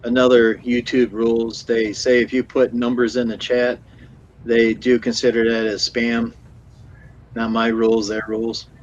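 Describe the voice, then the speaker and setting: A man's voice: mid-range voice, monotone, a little slow, a little hiss or hum. A man hosting a casual live stream, reading and answering viewer chat and repeating himself. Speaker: live show host. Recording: dull lo-fi stream audio.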